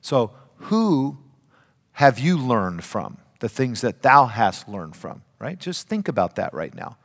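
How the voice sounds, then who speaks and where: An older man preaching a sermon, emphatic, swinging between loud and hushed. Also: medium pitch, very animated, slow pace, creaky. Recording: reverberant hall.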